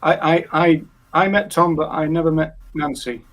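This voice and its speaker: Halting male host, slightly high voice. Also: crowd noise, low-quality recording. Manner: halting, many restarts and fillers. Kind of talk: casual live-stream chat.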